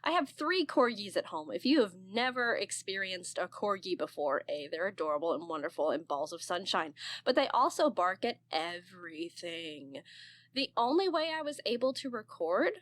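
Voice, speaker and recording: A woman in her thirties, an aspiring narrator, chatting on a podcast in an expressive, freely swearing way. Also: mid-range voice, moderate pace, dry recording. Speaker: guest, aspiring narrator and voice actor. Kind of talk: casual podcast chat.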